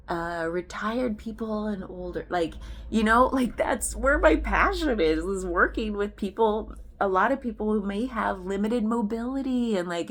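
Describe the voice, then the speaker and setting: A woman's voice: mid-range voice, vocal fry. A woman therapist talking through a personal reflection in a rambling, self-reflective monologue, often chuckling to herself.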